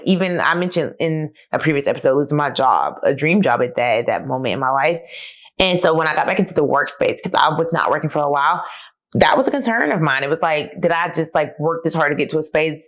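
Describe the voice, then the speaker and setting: Low-voiced woman, candid podcast host. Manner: candid and conversational, addressing listeners as y'all; emotional, close to tears, with laughs. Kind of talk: solo podcast, reading and reflecting on old journal entries.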